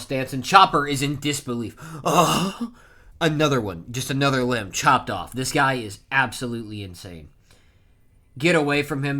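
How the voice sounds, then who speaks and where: A man casually recapping a manga chapter, reading panel lines aloud with loud bursts of emphasis and frequent self-corrections. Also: medium pitch. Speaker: manga reaction streamer.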